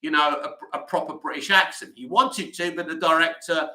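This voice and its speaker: A man's voice: fairly high pitch, steady tone, normal speed, bright, forceful tone, echoey room, low-quality recording. A man hosting a casual livestream, rambling chattily with lots of "you know" fillers as he answers viewer comments. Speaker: livestream host.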